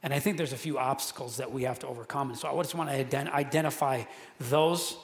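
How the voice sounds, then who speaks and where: Conversational preacher in an echoing hall. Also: male voice, medium pitch, steady tone, quick pace. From central Wisconsin. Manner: casual, conversational preaching with many restarts and fillers. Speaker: pastor. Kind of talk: sermon. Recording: echoey hall with long reverb.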